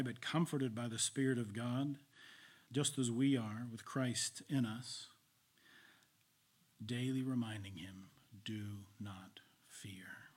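A male preacher delivering a sermon, storytelling with swings between loud and whispered delivery. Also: mid-range voice, slightly rough.

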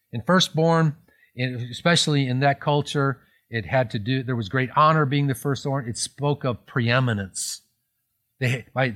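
A man's voice: mid-range voice, fairly bright tone. A man preaching a sermon in a conversational tone, explaining scripture with frequent restarts and self-corrections. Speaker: pastor.

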